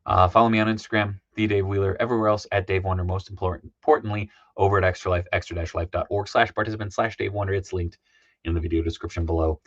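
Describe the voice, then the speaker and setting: A man's voice: low voice, no echo. A man hosting his livestream in casual chat, losing his voice, rambling with lots of ums as he signs off. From Minnesota. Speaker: livestream host. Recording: dull lo-fi dry sound.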